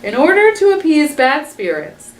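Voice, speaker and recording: A woman's voice: high voice, very animated, normal speed, roomy sound, far from the mic, background noise, pitched above the performer's own voice. A woman putting on Pinduli, a commanding young hyena. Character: clever young female hyena.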